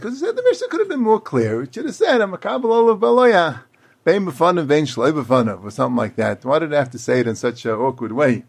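A man giving a Talmud lecture, explaining quickly in run-on sentences and acting out the speakers he quotes. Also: sits high. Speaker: Talmud teacher.

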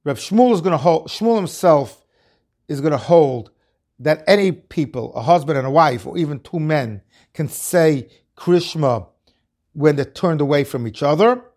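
A man's voice: on the high side, animated, measured pace, a little mellow. A man giving a Talmud lecture, reading the Aramaic phrases and explaining each one in English. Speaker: Talmud teacher. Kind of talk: Talmud lecture, translating line by line.

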